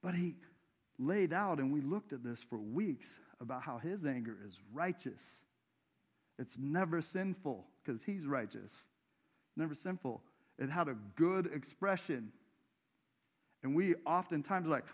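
A man's voice: fairly high pitch, lively intonation, unhurried. A man preaching a sermon in a church, in a conversational way, putting questions to the congregation. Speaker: pastor.

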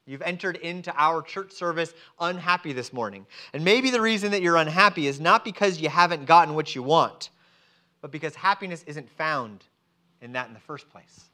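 A man's voice: on the high side, normal speed, bright, forceful tone. A man preaching a sermon to a church congregation, acting out the quoted voices of God and people. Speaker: pastor. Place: church service.

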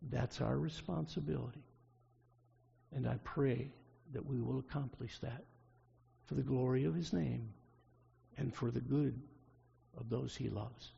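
A man preaching a sermon in a church, telling a story with surges of intensity that fall back to a soft close. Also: medium pitch, a little slow, vocal fry, pauses often, slightly rough. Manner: storytelling, rising to intense peaks then dropping soft. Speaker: pastor. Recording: dull echoey hall.

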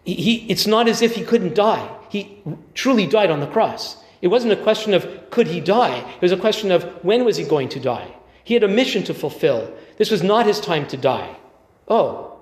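Male preacher, relaxed conversational sermon, restarts and wry asides, roomy echo. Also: sits high, moderate pace. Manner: conversational, thinking aloud with restarts and dry asides. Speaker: pastor. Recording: echoey church hall reverb.

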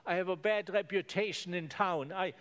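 A doubtful woman at a well, incredulous and pressing, as a preacher puts her on in a sermon. She fires repeated questions, then turns to pleading. The voice sits fairly high. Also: expressive, measured pace.

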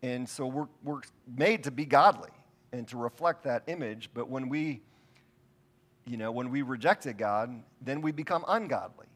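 A man's voice: medium pitch, moderate pace. A middle-aged man preaching a sermon, telling stories in a casual, conversational and self-deprecating way. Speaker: pastor.

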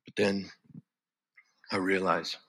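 A man performing a dramatic spoken-word monologue, emotional and swinging from loud to hushed. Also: low voice, little pitch movement, slow, breathy edge.

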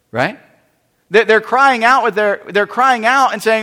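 The voice is high and sharp-toned, moving at a moderate pace, as a pastor explains scripture verse by verse in his sermon, often restarting and repeating phrases. The recording carries the long reverb of a large hall.

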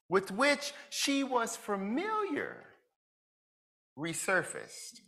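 Male preacher, unhurried, bright and animated, conversational sermon with questions to the congregation. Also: extremely high pitch. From Jamaica. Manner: asks the listeners reflective questions, chuckles between points.

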